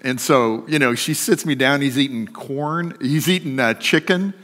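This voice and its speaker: A middle-aged man telling a personal story during a sermon, shifting between lively and hushed. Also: medium pitch, normal speed. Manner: storytelling, swings from animated to hushed. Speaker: guest speaker. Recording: long hall reverb.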